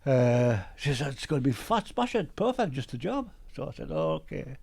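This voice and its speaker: Older geordie bloke, gravelly and a bit husky, spins yarns and does all the voices himself. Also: male voice, mid-range voice, normal speed. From Newcastle, England. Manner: lively storyteller who acts out old conversations. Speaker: guest. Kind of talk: storytelling interview.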